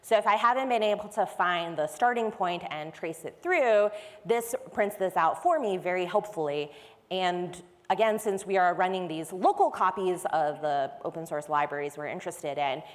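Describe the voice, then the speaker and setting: A woman's voice: fairly low pitch, moderate pace. A woman giving a technical conference talk, explaining step by step in a conversational way. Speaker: conference speaker. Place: large conference hall. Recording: long hall reverb.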